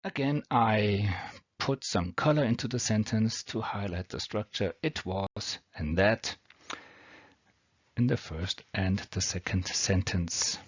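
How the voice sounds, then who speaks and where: A man's voice: fairly low pitch, slow, slightly rough, no room sound. Man with a foreign accent teaching grammar. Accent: non-native English accent. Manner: patient, step-by-step explanation. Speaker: English teacher. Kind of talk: explaining grammar over slides. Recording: dull lo-fi homemade audio.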